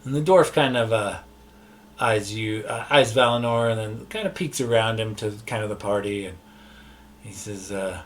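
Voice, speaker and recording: Relaxed male game master. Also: lowish voice, normal speed, slight background noise. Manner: relaxed, loose, many fillers and restarts. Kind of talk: narrating an online tabletop game. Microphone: online session mic.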